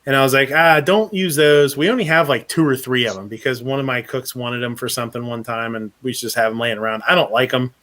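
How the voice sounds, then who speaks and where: Male host, casual chat, rambling anecdote, swears, laughs a lot, medium pitch. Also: fairly even intonation, a little fast, hardly any pauses, a bit bright. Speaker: podcast host.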